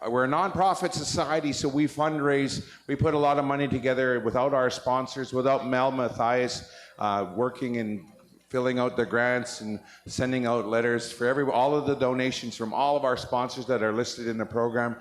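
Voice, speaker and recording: A man with a mid-pitched voice gives closing announcements at an outdoor event. He halts often with fillers and speaks around a piece of gum. His delivery is plain and unhurried. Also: steady tone. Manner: halting, many "uh" fillers, chewing gum. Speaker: powwow organizer and announcer. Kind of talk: announcements and thank-yous.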